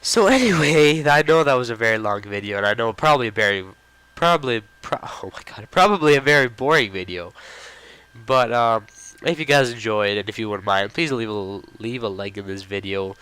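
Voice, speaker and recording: A man's voice: lowish voice, bright, forceful tone, smooth, poor audio. A young man hosting a gaming channel, talking casually to his viewers and rambling with lots of fillers and restarts as he reads out chat messages in a mocking tone. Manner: rambling, with many fillers and self-corrections. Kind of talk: casual gameplay commentary to viewers.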